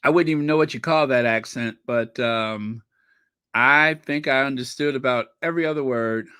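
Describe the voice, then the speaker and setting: A man's voice: medium pitch, normal speed, sharp tone, clean tone, dry recording, clean studio sound. A man hosting his own channel, chatting casually and reading viewer comments aloud in a rambling way. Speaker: channel host.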